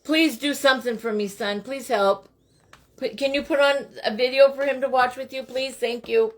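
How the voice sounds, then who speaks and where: A woman's voice: sits high, fairly even intonation, normal speed. A woman chatting casually with her viewers as she crafts at home, often breaking off to speak to her young children. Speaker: host of a live crafting stream. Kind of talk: casual chat while crafting.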